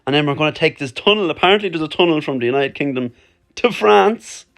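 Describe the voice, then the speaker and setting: A young Irish man with an Irish accent, chatting excitedly to camera in a casual vlog. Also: on the high side, fast talker, creaky. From Ireland. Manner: excitable and chatty, often punching words loudly. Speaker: vlogger.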